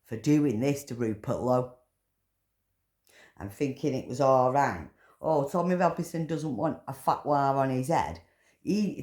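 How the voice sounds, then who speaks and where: A woman delivering an angry, profane rant, swearing and shouting in bursts. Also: extremely low pitch. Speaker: political commentator. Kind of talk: angry ranting monologue.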